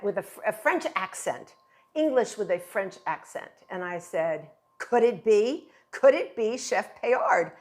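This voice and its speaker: A middle-aged woman teaching a baking recipe in her kitchen, chatty and gushing with enthusiasm as she explains each step. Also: a little high. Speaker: baking instructor. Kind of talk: home baking tutorial.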